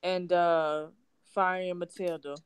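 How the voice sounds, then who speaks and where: A woman's voice: on the low side, flat delivery, slow, smooth, no room sound. A woman co-hosting a podcast in casual chat, blunt and teasing. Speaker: podcast co-host.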